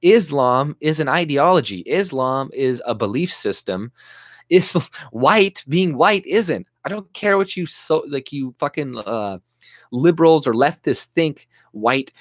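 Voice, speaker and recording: A man's voice: fairly high pitch, very animated, unhurried, dry recording, studio quality. A man delivering an agitated, profane, sarcastic political rant to camera, often restarting his sentences. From Canada. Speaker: YouTube commentator.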